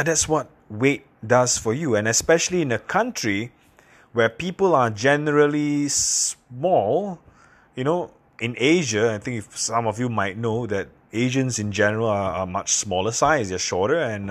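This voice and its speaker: A man from Singapore, hosting a podcast and telling personal stories in a candid, halting, self-deprecating way. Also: lowish voice. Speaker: podcast host. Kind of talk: casual personal monologue.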